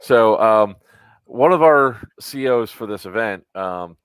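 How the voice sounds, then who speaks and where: A man's voice: on the low side, lively intonation, slow pace, clean tone, no echo. A man co-hosting a podcast, chatting casually, teasing his co-host and rambling with fillers. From Florida, US. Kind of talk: casual chat.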